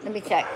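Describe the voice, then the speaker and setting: A middle-aged woman breeding huskies, chatting casually on a home vlog, laughing often and cooing at a wriggly puppy. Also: a little hiss or hum. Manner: giggly, fussing and cooing at the puppy. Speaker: husky breeder. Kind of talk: casual vlog chat while handling puppies. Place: home, indoors by a couch.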